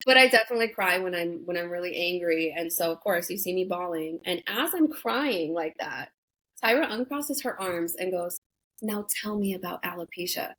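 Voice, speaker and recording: Her voice is lowish and a bit bright, animated at a moderate pace, though the recording is low quality. This young woman, an ex-reality show contestant appearing as an interview guest, speaks frankly and emphatically, swearing a lot and peppering her talk with "like" and "you know."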